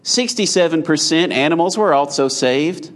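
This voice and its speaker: Male preacher, slightly high voice, conversational sermon delivery, speaks straight to the congregation. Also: expressive, moderate pace. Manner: conversational, addresses the audience directly. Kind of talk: evening sermon.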